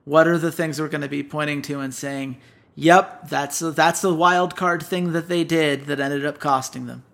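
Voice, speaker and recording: A man co-hosting an esports analysis show, talking through a team's weaknesses in a brisk, emphatic way and putting questions to his co-host. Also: a little high, fairly even intonation, creaky, a bit bright. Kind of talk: casual analysis chat.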